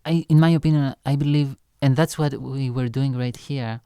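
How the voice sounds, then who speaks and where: A man's voice: mid-range voice, fairly even intonation, normal speed, mellow, clean tone, no room sound, studio quality. A young man telling a rambling, casual story as he reacts to his own song, loose and full of fillers and swearing.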